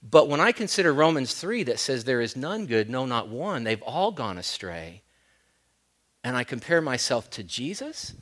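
A middle-aged man preaching a sermon as pastor, moving between loud emphatic points and quiet storytelling. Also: medium pitch, very animated, moderate pace.

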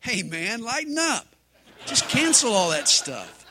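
A man impersonating his older mentor pastor, who is laid-back and calm and talks in an easygoing drawl. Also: very high-pitched, unhurried, noisy background, full character voice.

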